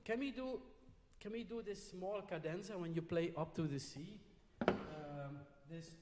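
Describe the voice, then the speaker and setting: A man's voice: high-pitched, a little slow, noisy background. Patient male trumpet teacher, reverberant hall. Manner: patient, frequently checks in with "yeah?". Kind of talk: masterclass coaching.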